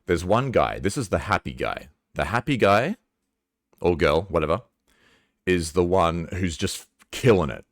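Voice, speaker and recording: Deep-voiced man talking candidly. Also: fairly bright tone, dry recording, studio quality. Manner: casual, earnest, occasionally swears. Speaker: vlogger. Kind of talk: candid personal talk to camera.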